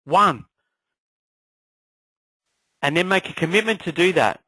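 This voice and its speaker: Fired-up guy coaching a class online, bright lively voice, dry close mic. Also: high-pitched, slow, no echo, rough recording. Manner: energetic, rhetorical questions, pumped up. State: clearing a frog in his throat. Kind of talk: motivational live class talk.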